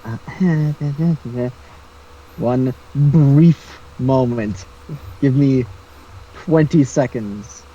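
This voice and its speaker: A man's voice: medium pitch, very slow, warm tone, slight background noise. A man joking around casually as a player in a tabletop game. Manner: jokey, laid-back. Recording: slightly dull lo-fi mic.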